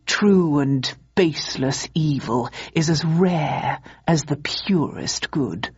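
A woman's voice: sits low, lively intonation, slow pace, slightly rough, dry recording, lo-fi sound, full character voice. A woman reading aloud, voicing a suave, gleeful male master villain who mocks and gloats in a drawling, theatrical way. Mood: gloating.

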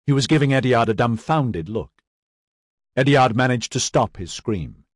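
An audiobook narrator reads a fantasy novel aloud at normal speed in a husky, mid-range voice with lively, swinging intonation. The scripted narration is recorded dry and close, with no room sound.

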